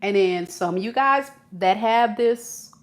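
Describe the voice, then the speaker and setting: A woman's voice: medium pitch, measured pace. A woman tarot reader giving a casual, chatty reading to her viewers, acting out quoted voices and laughing at herself. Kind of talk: casual spiritual reading to camera.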